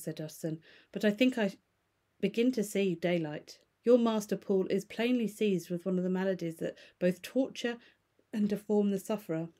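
A woman voicing a calm male lawyer who reasons in a measured, formal way in a storybook reading. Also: medium pitch, natural voice.

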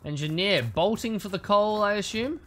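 A man's voice: sits high, normal speed, a bit bright, a little hiss or hum. Cheeky scheming male gameplay commentator. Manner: cheeky, scheming, chuckling asides. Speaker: streamer playing a social deduction game.

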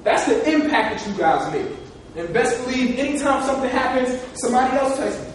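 A man's voice: very high-pitched, a little fast, a little hiss or hum. A man from New Jersey giving a live motivational talk, emotional and repetitive as he tells stories. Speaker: motivational speaker. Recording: echoey hall from far off.

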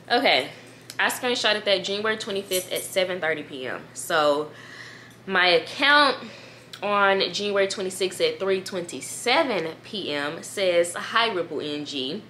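A young woman in her twenties talking casually to camera as a YouTuber, chatty and animated, reading emails aloud and calling her viewers "girl.". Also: medium pitch, unhurried, slight background noise. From United States. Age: 20s. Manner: reads emails aloud, trails off with "da, da, da".

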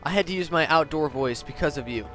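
Excitable, cussing young gamer on headset. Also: male voice, on the high side, quick pace, faint music behind. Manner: excitable, profane, bursts into yelling. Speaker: gaming commentator. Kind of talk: let's play commentary. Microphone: headset mic.

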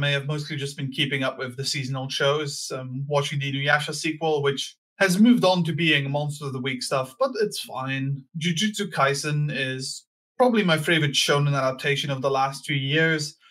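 Easygoing man, higher voice, podcast co-host. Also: a bit bright. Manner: easygoing, joking, quick laughs. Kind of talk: casual podcast chat.

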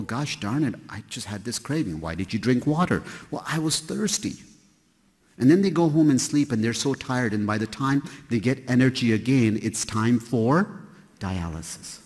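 Joking doctor lecturing in a reverberant hall. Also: male voice, mid-range voice, darkish tone, husky. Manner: conversational, joking, fond of rhetorical questions. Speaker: nephrologist giving a lecture. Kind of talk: conference lecture to a live audience. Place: large hall with an audience.

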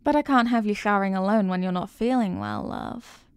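A woman voicing a clingy, possessive young girlfriend in a whispered role-play, soft and doting. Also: medium pitch, brisk, smooth, no echo, close to an everyday voice.

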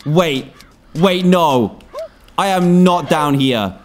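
A young man in his twenties commentating his own gameplay, excitable, exclaiming and groaning at every slip. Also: high voice, unhurried, a little hiss or hum. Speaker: gaming YouTuber.

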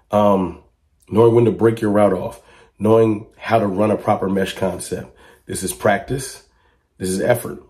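A man talking straight to camera as a sports fan commentator, with a low, dark tone. He presses his points emphatically and keeps firing rhetorical questions at his listeners. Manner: rises to excited high-pitched exclamations when reacting to clips.

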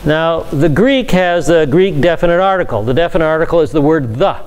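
A man's voice: on the high side, animated, brisk, a little mellow, a little hiss or hum. Man teaching a conversational Bible class. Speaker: pastor.

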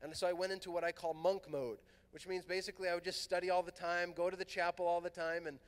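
A man's voice: high-pitched, fast talker, clear, resonant tone. Guy from southern california telling a story on stage, bounces into voices, big echoey fieldhouse. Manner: animated, acts out quoted dialogue. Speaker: priest and conference speaker. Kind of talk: storytelling talk to a youth conference. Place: large fieldhouse hall. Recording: long hall reverb.

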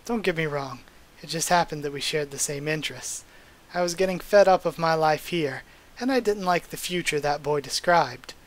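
A man's voice: a little high, moderate pace, natural voice. A man reading aloud the lines of a remorseful woman, a former caretaker mother, from a comic, in his own plain voice. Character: remorseful former caretaker mother who turned against her master.

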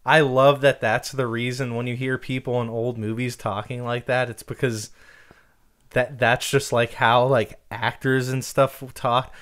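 A man's voice: medium pitch, level tone, unhurried, fairly bright tone. A man co-hosting a podcast in casual chat, rambling with lots of fillers and laughing often. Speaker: podcast co-host.

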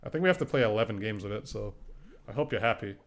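A man's voice: fairly low pitch, lively intonation, fast, faint music behind. A young man streaming a video game, chatting casually, reading and answering chat and laughing often.

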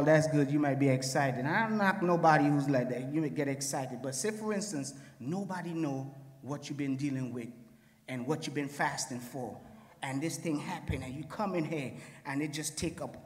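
A man's voice: fairly high pitch, a little fast. A man in a church Bible study speaking fervently in a preacherly way. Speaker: congregant. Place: church sanctuary. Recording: echoey church with long reverb.

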